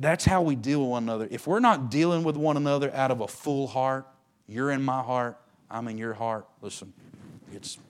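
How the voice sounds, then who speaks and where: Guy preaching, folksy and emphatic, mid voice, goes loud then real quiet. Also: mid-range voice. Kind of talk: sermon.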